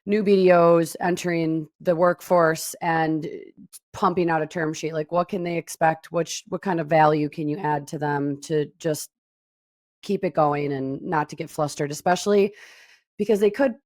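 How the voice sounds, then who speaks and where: A woman's voice: low voice, steady tone, moderate pace, a little mellow. A woman co-hosting a casual podcast, teasing and playful as she steers the talk. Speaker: podcast co-host.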